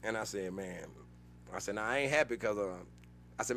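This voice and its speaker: A man, a comedian guest, telling stories in a slangy, animated way, with loud bursts when he acts out scenes. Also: fairly low pitch, fast talker, background noise. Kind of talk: casual storytelling interview.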